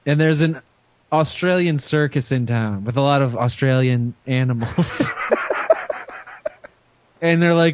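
A man co-hosting a comedy podcast who breaks in with skeptical questions and dry, teasing quips. His voice is a little higher than average for a man. It is recorded dry and close. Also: expressive, unhurried, no echo. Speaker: podcast co-host. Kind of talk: casual comedic podcast banter.

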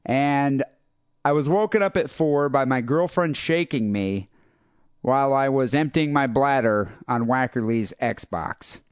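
A young adult man hosting a podcast, telling a rambling story in a casual, animated way and acting out other people's lines. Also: mid-range voice, a little slow, clear, resonant tone, no echo. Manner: animated, quotes people in raised voices. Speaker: podcast host. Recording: dull lo-fi dry podcast audio.

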